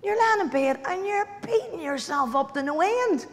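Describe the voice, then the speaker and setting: A woman's voice: high-pitched, sing-song, brisk, hardly any pauses. Woman speaking in a reverberant hall. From Ireland. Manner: chatty, direct, repeats key lines for emphasis. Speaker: motivational guest speaker. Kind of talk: motivational speech to an audience. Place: large hall. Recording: hall reverb, stage speech.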